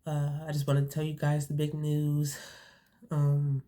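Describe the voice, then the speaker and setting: A young woman vlogging from home, talking earnestly and haltingly, repeating herself. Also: sits low, completely flat delivery, warm tone. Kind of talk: casual talk to camera. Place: home, indoors.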